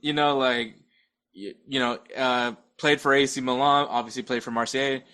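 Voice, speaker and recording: A young man talking sports as a podcast guest, tripping over his words and starting sentences again and again. His voice is bright and forceful, at a middle pitch, and he chuckles between his points. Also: steady tone, moderate pace. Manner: stammers and restarts often, chuckles between points. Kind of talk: casual sports chat.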